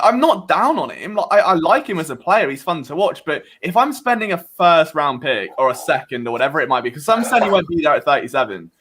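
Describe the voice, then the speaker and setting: A British man on a podcast as a guest, chatting casually in an animated, rambling way that often questions himself. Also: high-pitched. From Britain.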